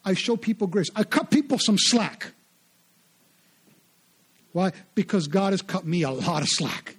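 A male pastor with a fairly high, husky voice delivers a sermon. He speaks in an animated, conversational way and repeats words for emphasis. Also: a little slow. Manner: animated preaching, repetitive and conversational.

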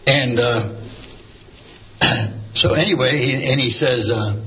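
A man's voice: medium pitch, slow pace, long pauses, bright, forceful tone, low-quality recording. A man tells a story casually. He rambles, with many fillers and restarts, as he shares a church testimony. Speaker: church member sharing a testimony.

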